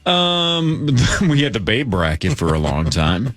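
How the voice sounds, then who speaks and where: Animated male sports radio host. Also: medium pitch, slow pace. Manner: animated, joking, laughs often. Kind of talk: casual sports radio banter.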